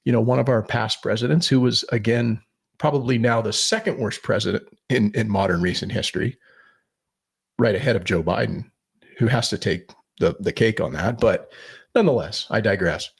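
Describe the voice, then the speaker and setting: A man's voice: lowish voice, moderate pace, creaky, slightly rough. A man co-hosting a podcast, giving blunt political opinions, swearing and rambling with restarts. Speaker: podcast co-host.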